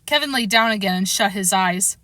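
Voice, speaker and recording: Bright-voiced woman reading a story aloud. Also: medium pitch, a little fast, no room sound. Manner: expressive read-aloud, acting out the characters' lines. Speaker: storybook reader. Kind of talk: scripted storybook narration.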